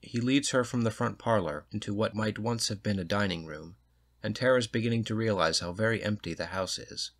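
Measured male narrator reading a story, lower register. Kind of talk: audiobook reading of a short story.

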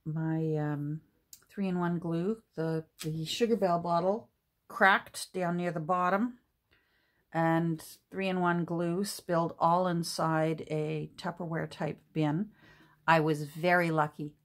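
Chatty woman, lowish voice. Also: steady tone, takes it slowly. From Canada. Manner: chatty, rambling, with many restarts and ums. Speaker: crafting vlogger. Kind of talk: casual chat while crafting. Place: home craft room. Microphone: camera mic at a work table.

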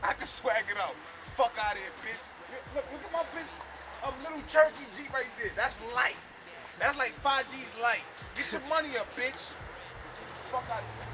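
Brash high-voiced man trash-talking. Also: normal speed, background noise. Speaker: featured guest boasting on camera. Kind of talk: profane street boasting to camera. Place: outdoors in front of his building. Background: music.

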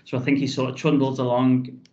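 Flat-voiced man telling a story, lo-fi. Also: medium pitch, brisk. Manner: rambling, restarts phrases, frequent "um" and "you know". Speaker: football club chief executive. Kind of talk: casual storytelling in a podcast interview. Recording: dull lo-fi audio.

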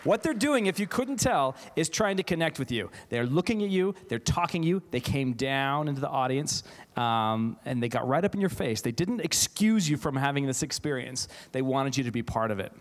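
A man, a theatre teacher, giving an animated keynote talk to a live audience, often laughing and restarting his sentences. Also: medium pitch, normal speed, few pauses. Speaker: keynote speaker, theatre faculty member. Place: large auditorium, live audience. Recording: auditorium with long reverb.

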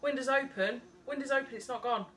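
At home beside an open window, a woman vlogger rambles and swears freely through a casual haul video. Her voice sits high, a little fast and a bit bright, picked up by a distant mic with faint background noise.

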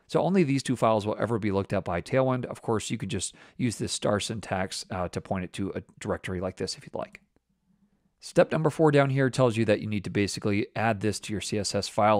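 Man, lowish voice, relaxed coding tutorial, step-by-step explaining, close dry mic. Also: no echo. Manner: casual, explanatory, walks through steps while working. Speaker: web development instructor. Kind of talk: screen-recorded coding tutorial.

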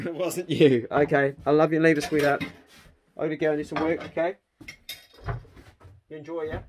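A middle-aged New Zealand man with a slightly higher voice, talking casually and bluntly outdoors on his property. He shouts now and then to his dogs, with faint background noise behind him. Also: normal speed. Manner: relaxed, blunt, calls the dogs loudly. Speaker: vlogger. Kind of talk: casual family vlog.

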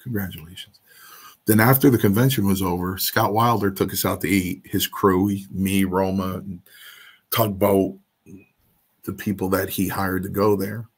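A man's voice: deep voice, steady tone, moderate pace, slightly rough. A man guest in an interview, telling a story in a casual way and acting out the other voices in his quotes.

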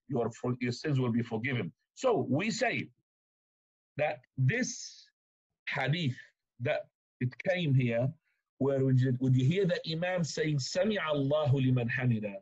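A man teaching a religious lesson in an animated way, rising sharply in pitch to stress points, with frequent restarts. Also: husky. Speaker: Islamic teacher. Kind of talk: religious lecture. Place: mosque lecture room. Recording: muffled lo-fi recording.

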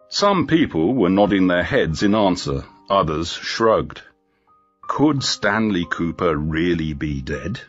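A man reading a graded-reader story aloud slowly and clearly for English learners. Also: low voice. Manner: slow, clear, evenly paced reading. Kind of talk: scripted narration for learners. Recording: dull lo-fi with faint background music.

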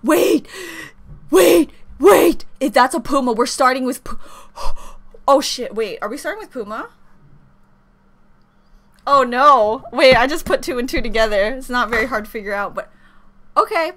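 A woman giving an excited reaction commentary, gushing and squealing with repeated exclamations over faint music. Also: high voice, normal speed, long pauses. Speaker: reaction video creator.

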